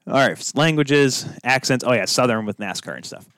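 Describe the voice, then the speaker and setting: Man, podcast host, rambling tangents, smooth clear voice, dry close mic. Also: medium pitch, expressive, moderate pace, fairly bright tone, no room sound. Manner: rambling, self-deprecating, goes off on tangents. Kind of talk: solo podcast monologue.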